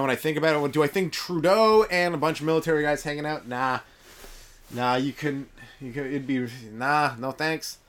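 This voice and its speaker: A man hosting a comedy podcast, riffing in a rambling monologue and chuckling at his own jokes, in a cold room kept warm by a wood fire. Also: a little high.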